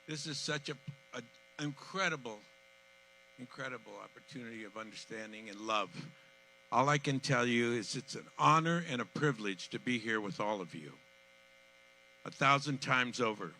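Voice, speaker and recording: An eighty-year-old man addresses an outdoor crowd as master of ceremonies. His voice is very bright and sharp, moving from hushed to loud as emotion takes him, and he repeats himself. A faint hum sits under the microphone. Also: medium pitch, normal speed, rough recording. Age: 80s. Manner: heartfelt, repeats himself, swings from soft to loud. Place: outdoor community event.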